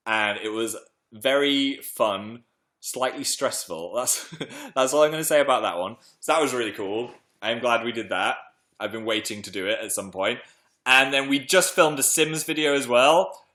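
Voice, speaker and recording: A young man hosting a casual livestream from home, chatting playfully and reading comments aloud. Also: a bit bright. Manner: chatty, playful, jumps into high silly voices. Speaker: livestream host.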